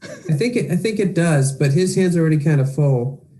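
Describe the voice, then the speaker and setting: A man's voice: a little high, lively intonation, moderate pace, mellow. A man playing a tabletop game, hesitant, narrating his character's actions.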